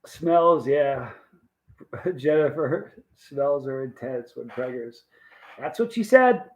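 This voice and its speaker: A man's voice: medium pitch, lively intonation, takes it slowly, dull audio. A man hosting a livestream, rambling in a folksy, casual way and reading out viewer comments. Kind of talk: casual chat.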